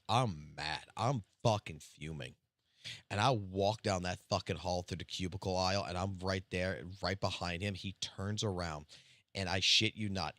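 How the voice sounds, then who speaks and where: Profane, bright-voiced male streamer. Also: low voice, dry recording, studio quality. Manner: profane, animated anecdote-telling. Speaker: game streamer. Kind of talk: live-stream storytelling.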